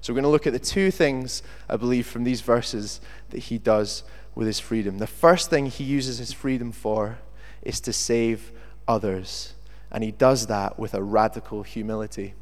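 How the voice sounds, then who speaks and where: Young British preacher in an echoing hall. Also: male voice, mid-range voice, moderate pace, few pauses. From Britain. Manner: lively, chatty, jokey asides. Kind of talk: sermon with scripture reading. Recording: long hall reverb.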